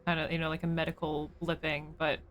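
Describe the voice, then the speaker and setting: Low-voiced woman streamer thinking aloud. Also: completely flat delivery, fast talker, fairly bright tone, slight background noise. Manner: chatty, joking, thinking aloud. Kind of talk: live gameplay commentary.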